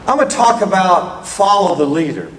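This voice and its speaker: A man's voice: high voice, big pitch swings, moderate pace, fairly bright tone, in a large hall, slight background noise, low-quality recording. An older man from the American South with a Southern drawl, giving a guest preacher's rambling, folksy opening remarks in a church. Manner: rambling, folksy, self-deprecating. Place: church hall.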